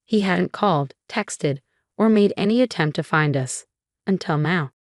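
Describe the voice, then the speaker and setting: A young adult woman narrating a dramatic first-person story in a steady, scripted way. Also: on the low side, measured pace, dry recording, clean studio sound.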